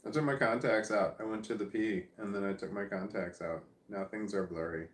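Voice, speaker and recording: A man's voice: fairly low pitch, steady tone, a little fast. Sleepy man rambling in an echoey room. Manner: meandering, chatty, self-amused. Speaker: vlogger. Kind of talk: casual rambling monologue. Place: at home with his dog.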